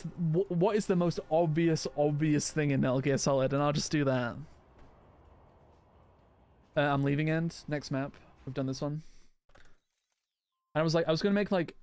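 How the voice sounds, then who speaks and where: A gaming video creator chats during live gameplay in a fairly high yet darkish, clear and resonant voice, speaking at a moderate pace with frequent pauses. He rambles casually, answering viewers' comments and often restarting his sentences.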